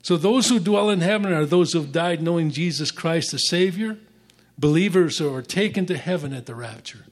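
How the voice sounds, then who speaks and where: A man teaching the Bible, reading scripture aloud and explaining it, his voice sinking quieter at the ends of phrases. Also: a little high, moderate pace.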